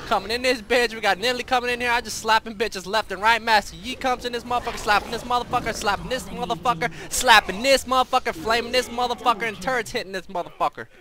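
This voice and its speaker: A man's voice: extremely high pitch, fast talker, hardly any pauses, sharp tone. A young man giving brash, profane, boastful commentary over his own gameplay. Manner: brash, profane, trash-talking. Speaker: streamer. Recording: faint background noise.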